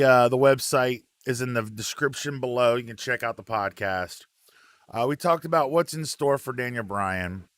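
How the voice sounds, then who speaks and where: A man hosting a relaxed live wrestling chat, reading out viewer comments with plenty of ums and uhs. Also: medium pitch, no room sound.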